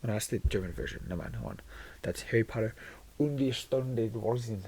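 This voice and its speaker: A man chatting casually to his YouTube audience in a soft-spoken, rambling, self-deprecating way. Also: lowish voice, fairly quick, slightly rough. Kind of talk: casual vlog chat.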